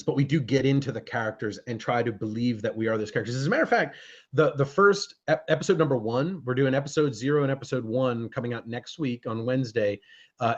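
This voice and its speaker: Guy gm rambling on a live stream, keeps restarting his sentences, kinda dull lo-fi webcam sound. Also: medium pitch. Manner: rambling, self-correcting storyteller. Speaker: podcast co-host and game master. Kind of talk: casual live-stream chat.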